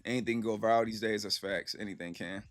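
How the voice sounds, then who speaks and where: A man's voice: lowish voice, fairly even intonation, quick pace, dry recording, faint music behind. A man in his thirties streaming and answering his chat in a rambling, slangy storytelling way full of fillers. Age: 30s. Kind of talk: casual livestream chat.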